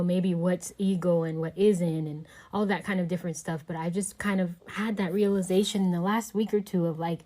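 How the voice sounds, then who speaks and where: A woman's voice: fairly low pitch, a little mellow. Reflective woman musing on a podcast. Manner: reflective, meandering, many "you know" fillers. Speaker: podcast host. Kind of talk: casual podcast conversation.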